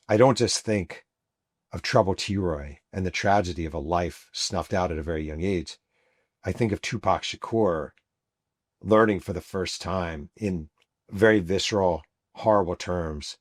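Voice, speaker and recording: A middle-aged man with a low, slightly husky voice narrates a true story as a show host. He tells it vividly and throws himself into the quoted shouts of the people he describes. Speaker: host and author.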